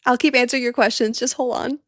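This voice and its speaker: A woman hosting a casual live-stream watch party, chatting excitably and laughing often, teary and sniffly. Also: fairly high pitch, quick pace, no room sound, clean studio sound.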